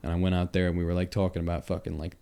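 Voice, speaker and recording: A young man with a thick Long Island accent sits in for a casual podcast chat. His voice sits on the low side as he spins animated, swear-filled stories. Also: rapid-fire, gravelly, clear, resonant tone. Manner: animated, profane storytelling. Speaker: podcast guest.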